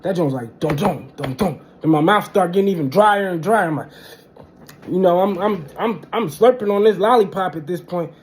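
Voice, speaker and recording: A young man telling a casual storytime monologue, animated and slangy, punctuating with "boom" and "bang". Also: fairly quick.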